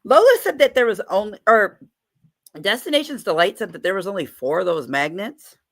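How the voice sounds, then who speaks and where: A woman's voice: mid-range voice, expressive, brisk. A woman hosting a live stream in a chatty, playful way, greeting viewers by name. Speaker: livestream host. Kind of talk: casual live-stream chat.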